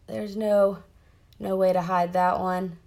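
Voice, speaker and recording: A woman's voice: on the low side, level tone, takes it slowly, vocal fry, darkish tone. A woman, chatting bubbly and direct to viewers during a casual live makeup tutorial, sitting in a car. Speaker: makeup seller doing a live demo. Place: parked car.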